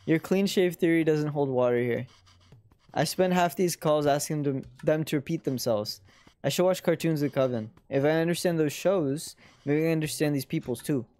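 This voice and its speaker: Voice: medium pitch, normal speed, a little mellow, dry recording, close to an everyday voice. A tired immigrant father looking for work, dry and rueful, as a streamer reads his lines. The delivery stays plain and close to the reader's everyday voice. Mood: wry.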